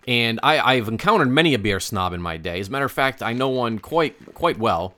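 A middle-aged man co-hosting a casual podcast, his pitch swinging widely as he tells meandering anecdotes. He restarts his sentences often and talks in an easy, chatty way. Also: expressive, brisk, pushed and bright. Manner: storytelling, rambling with restarts. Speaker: podcast co-host. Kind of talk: casual chat.

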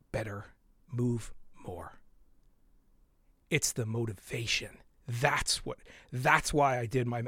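A man's voice: mid-range voice, a bit bright, breathy edge, no room sound. A man hosting a podcast, delivering a heated, exasperated solo rant with sighs and muttered asides. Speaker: podcast host.

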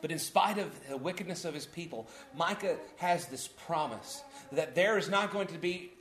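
A man's voice: on the high side, moderate pace, fairly bright tone, echoey room, soft background music. A man preaching a conversational sermon, voicing the prophets' words with rising energy.

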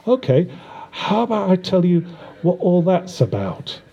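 A man's voice: sits high, sing-song, unhurried, gravelly, dark tone, breathy edge, highs cut off, voice pushed up, full character voice. A man voicing a wounded male killer who taunts the detectives with wry amusement. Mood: mocking.

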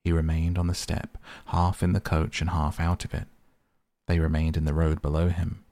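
A man narrating a classic novel in a measured storytelling manner. His voice is very deep and flat, with a gravelly grain. The recording is dry and close. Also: no echo.

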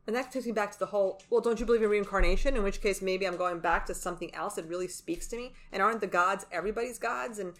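A woman co-hosting a podcast in casual chat, emphatic and animated, with quick swings in pitch. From Latin American heritage. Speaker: podcast co-host.

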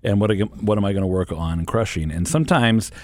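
A man hosting a Catholic talk radio show, chatting casually and telling animated stories. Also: on the low side, quick pace, no echo. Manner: lively, animated storytelling with laughs.

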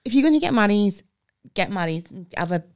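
Brief: woman co-host, smooth clear voice, wry and chatty. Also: mid-range voice, animated, fairly quick. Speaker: podcast co-host. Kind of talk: casual comedy chat.

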